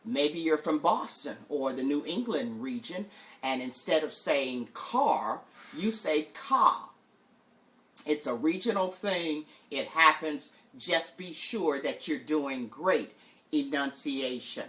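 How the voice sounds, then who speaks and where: A woman hosting a live-streamed teaching talk for preachers, speaking deliberately and enunciating carefully. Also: sits low, lively intonation, fairly bright tone. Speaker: preaching teacher, show host.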